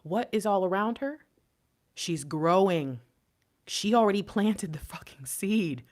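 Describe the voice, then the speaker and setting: A woman giving an emotional tarot reading to her viewers, swinging between hushed whispers and loud impassioned pleading, shaking and near tears. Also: mid-range voice, animated, measured pace. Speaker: intuitive tarot reader.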